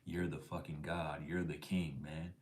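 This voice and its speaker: A man's voice: extremely low pitch, level tone, unhurried, a little mellow. A middle-aged man hosting a casual livestream, reading the chat with laid-back slangy banter and dropping into whispered asides.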